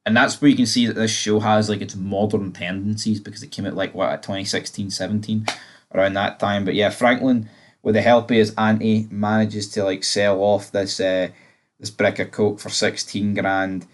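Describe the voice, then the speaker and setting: A man's voice: on the low side, little pitch movement, moderate pace. A man giving a casual, rambling TV episode review, blunt and swearing freely.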